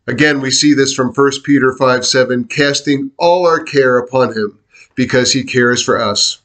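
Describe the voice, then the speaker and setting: A middle-aged man preaching a devotional sermon in an earnest, confessional way, with halting restarts, near tears. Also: medium pitch, fairly bright tone. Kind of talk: devotional sermon with a personal story.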